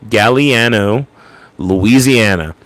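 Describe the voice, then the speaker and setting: A man's voice: on the low side, slow pace, a bit bright, no room sound. A man hosting a casual late-night livestream into an ASMR microphone, rambling and stammering as he repeats words. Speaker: livestream host.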